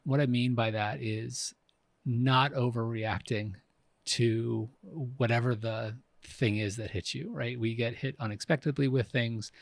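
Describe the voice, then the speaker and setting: A man's voice: medium pitch, fairly even intonation, measured pace, creaky, no room sound. A man in his fifties co-hosting a podcast, talking reflectively and often restarting his sentences. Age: 50s. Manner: reflective, frequent restarts and fillers. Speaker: podcast co-host. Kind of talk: casual conversation.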